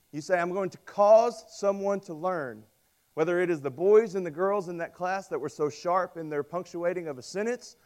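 A man preaching a sermon, telling stories and acting out quoted voices with lively emphasis. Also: fairly high pitch. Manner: storytelling with dramatic voiced quotes; animated, rising loud on emphasis. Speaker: pastor.

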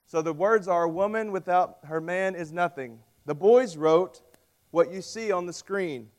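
A man preaching a sermon, telling stories and acting out quoted voices with lively emphasis. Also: high-pitched, takes it slowly. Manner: storytelling with dramatic voiced quotes; animated, rising loud on emphasis. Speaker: pastor.

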